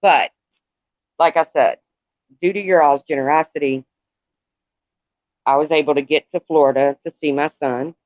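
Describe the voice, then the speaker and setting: A middle-aged man talking to viewers on a live stream in a halting, rambling way, calling out commenters by name. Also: a little high, fairly even intonation, dry recording. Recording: dull lo-fi, dry sound.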